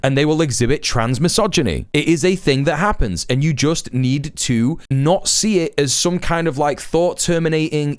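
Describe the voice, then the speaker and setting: A man's voice: medium pitch, clear, resonant tone, dry recording, studio quality. A man talking earnestly on a livestream, emphatic, with lots of fillers and restarts. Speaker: Twitch streamer. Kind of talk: livestream commentary.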